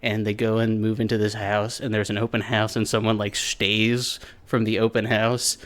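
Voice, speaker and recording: A man's voice: fairly low pitch, level tone, normal speed. A young man co-hosting a podcast in casual chat, joking and swearing freely. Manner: profane, joking. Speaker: podcast co-host.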